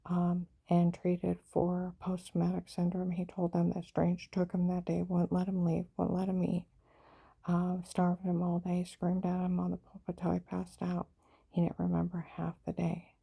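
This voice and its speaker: A woman's voice: lowish voice, monotone, normal speed, creaky, mellow, breathy edge. A woman giving a rambling personal account in an aggrieved, insistent way.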